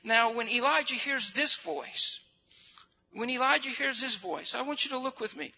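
A man delivers a fervent sermon in a strikingly high, gravelly voice with a piercingly bright edge. He slows down and repeats phrases to drive each point home. The recording sounds dull and lo-fi, with faint noise underneath. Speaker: preacher.

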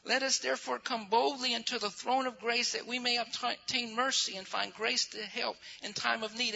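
High, gravelly-voiced preacher man. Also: pushed and bright. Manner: fervent preaching, slows and repeats phrases for emphasis. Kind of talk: sermon. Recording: dull lo-fi recording with faint noise.

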